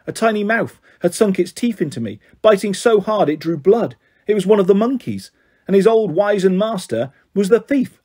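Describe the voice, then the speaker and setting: A man reading a children's novel aloud in steady first-person narration, giving voices to the characters. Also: high voice, normal speed, slightly rough. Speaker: storyteller.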